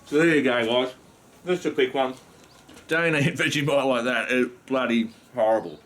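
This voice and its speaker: A man's voice: medium pitch, moderate pace, a bit bright, a little hiss or hum. An Australian man chatting casually to camera in a rambling vlog, just woken up and swearing mildly now and then. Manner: rambling, frequent mild swearing. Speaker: vlogger.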